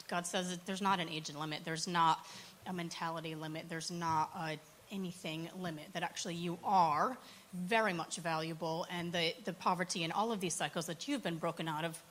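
A woman working in church poverty support, telling stories in an earnest, animated way during a panel conversation. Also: lowish voice, a little hiss or hum.

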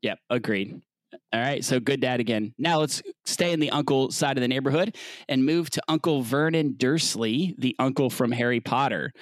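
Male podcast co-host, easygoing and joking, medium pitch, dry close sound. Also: normal speed, no room sound. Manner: easygoing, joking, quizzes his co-hosts. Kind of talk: casual chat.

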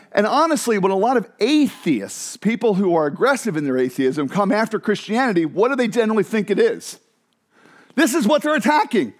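A man preaching a sermon in an animated, conversational way with emphatic asides. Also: sits high. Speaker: pastor.

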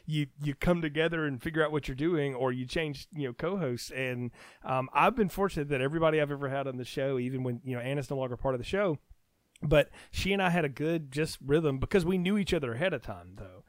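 A man's voice: a little high, expressive, fast, no echo. A man talking as a podcast guest, chatty and easygoing, rambling through stories in casual conversation.

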